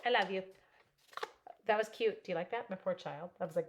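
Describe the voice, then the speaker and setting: A woman's voice: medium pitch, brisk, noisy background. A woman in her forties, chatty and bubbly, telling stories and laughing as she demonstrates a papercraft project. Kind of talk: casual live crafting demo.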